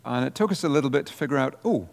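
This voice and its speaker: A man, a parish priest, giving an informal workshop presentation in a conversational way, with relaxed asides. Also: medium pitch, racing, vocal fry, big-room sound.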